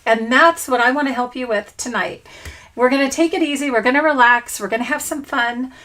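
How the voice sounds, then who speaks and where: Woman, high voice, middle-aged, bubbly, casual livestream host, greets viewers by name, home craft room. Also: brisk, fairly bright tone.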